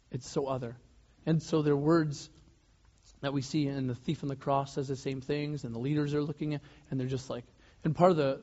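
A man preaching a sermon as pastor, in a loose conversational way with restarts and soft laughs. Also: mid-range voice. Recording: dull lo-fi sound.

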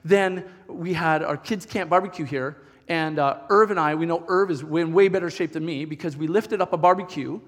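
A middle-aged male pastor with a notably high voice, telling stories from the pulpit in a lively, chatty way and often restarting his sentences. His voice rings out with a long reverb, as if it is filling a church hall. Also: normal speed, few pauses. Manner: animated, chatty storytelling with many restarts. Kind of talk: storytelling sermon.

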